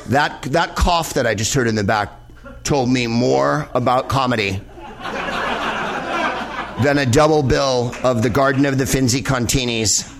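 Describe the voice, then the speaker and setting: A man's voice: medium pitch, unhurried, slight background noise. Rambling, profane male comedian. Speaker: comedian host. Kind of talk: live comedic monologue. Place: live venue in Los Angeles with audience.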